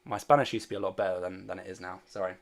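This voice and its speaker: Creaky low-voiced man chatting on stream. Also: fairly even intonation, racing. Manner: rambling and hesitant, many fillers; reads and answers viewer chat. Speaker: fantasy sports streamer. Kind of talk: casual livestream chat.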